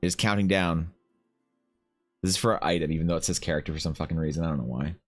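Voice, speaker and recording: A young man chatting casually on a live art stream, animated and swearing as he banters with viewers, his voice slightly rough. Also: extremely low pitch, fast, soft background music.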